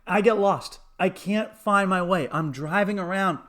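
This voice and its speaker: A comedian hosting his own podcast, telling a story in a fairly high voice. He swears freely and laughs through his lines. He acts out little bits of dialogue as he goes. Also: a little slow. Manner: profane, laughing, animated retelling with acted quotes.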